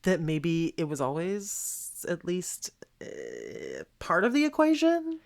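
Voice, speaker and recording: A woman co-hosting a casual podcast who talks slowly, with a very lively, swooping pitch. She giggles often and reacts to her co-host with gasps and quick agreement. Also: creaky. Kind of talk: casual chat about reality TV.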